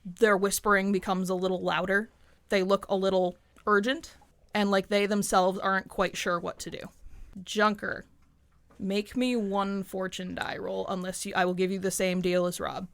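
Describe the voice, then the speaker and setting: A woman narrating a tabletop game as game master, relaxed and conversational. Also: mid-range voice, normal speed, dry recording. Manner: relaxed, conversational, with frequent "like" fillers.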